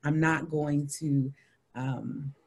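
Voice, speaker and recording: A woman in her thirties, a podcast guest telling a story in an animated way, acting out the people she quotes. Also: very slow, slightly rough. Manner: animated, acts out quoted people in high voices.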